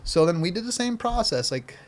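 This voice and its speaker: Excitable man telling a story, fairly high voice. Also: brisk. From Minnesota, USA. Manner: excitable, repeats himself, acts out scenes. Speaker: podcast guest, skateboarder. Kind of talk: animated storytelling in casual conversation.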